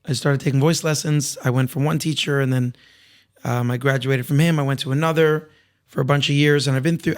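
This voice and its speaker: A man with a slightly raspy voice, a singer talking candidly as a podcast guest, reflective and full of restarts. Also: on the high side. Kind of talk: casual interview conversation.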